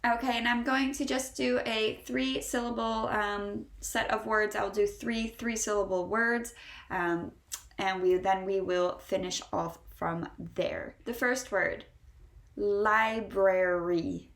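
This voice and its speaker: An American woman with a General American accent, teaching English pronunciation and stretching out each example word slowly between brisk explanations. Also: medium pitch, fairly even intonation, reverberant. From United States. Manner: slow, drawn-out model words between brisk explanations. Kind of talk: pronunciation lesson.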